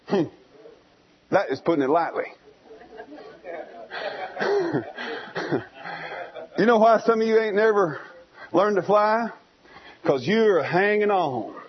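A male preacher delivering a fiery storytelling sermon in church, swinging from hushed to shouting. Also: high-pitched, lively intonation, unhurried, long pauses, breathy edge, lo-fi sound.

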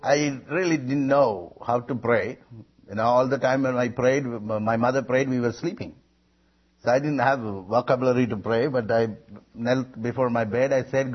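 A man's voice: medium pitch, normal speed, lo-fi sound. A man preaching a sermon, telling his own conversion story and calling out to the congregation. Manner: animated storytelling with calls to the congregation. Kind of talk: sermon testimony.

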